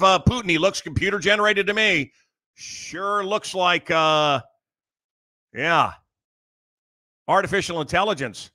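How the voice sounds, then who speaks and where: A man's voice: high voice, measured pace, long pauses, bright, forceful tone, faint music behind. A middle-aged American man hosting a show, rambling through a comic monologue and teasing his producer. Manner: joking, teasing the producer, building up a bit. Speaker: radio host.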